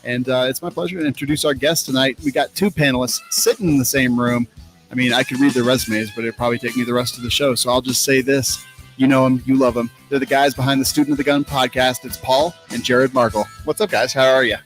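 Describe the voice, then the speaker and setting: A man's voice: mid-range voice, steady tone, soft background music. A man hosting a casual news commentary podcast, talking loosely with fillers. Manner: quick, loose delivery with fillers. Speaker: host.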